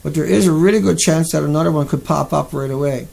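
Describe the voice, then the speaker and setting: A man's voice: a little high, quick pace, gravelly, darkish tone. A man hosting a live stream, talking casually and agitatedly, repeating himself and answering his chat. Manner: agitated, repetitive, talks back to chat.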